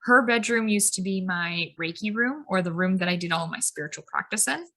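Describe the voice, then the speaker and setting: Bright and forceful, this mid-range female voice moves fairly quickly. She's a podcast co-host in her thirties, chatting casually about spiritual topics, wandering into tangents and leaning on "like" and "um."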